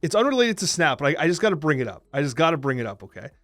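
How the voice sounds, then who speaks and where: A fast-talking man in his thirties co-hosts a casual podcast, his voice a bit high and lively as he tells stories. The sound is dry and close to the mic, with faint music underneath. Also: no echo. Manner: animated storytelling, quick and talkative. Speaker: podcast co-host. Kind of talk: casual chat.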